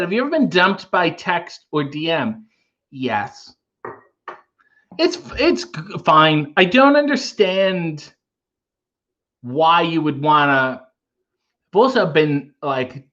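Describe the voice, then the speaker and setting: A man's voice: on the high side, fairly bright tone. Wry chatty man on a lo-fi stream. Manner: chatty, wry, reads comments aloud and riffs on them. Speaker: livestream host reading chat. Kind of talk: casual livestream chat.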